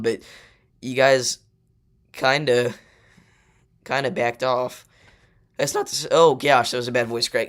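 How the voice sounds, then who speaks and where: A man's voice: mid-range voice, creaky, a bit bright. A young man hosting a livestream, talking loosely with his chat and arguing his opinions with plenty of fillers. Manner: loose and chatty, many fillers, argues weather takes. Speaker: livestream host. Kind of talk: casual livestream chat with viewers.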